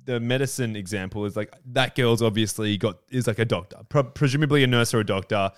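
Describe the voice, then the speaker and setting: A man's voice: mid-range voice, fast talker, clean tone, no room sound, clean studio sound. A man co-hosting a casual podcast, rambling about a TV show with many "like"s. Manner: rambling, full of fillers. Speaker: podcast co-host. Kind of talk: casual chat reviewing a TV show.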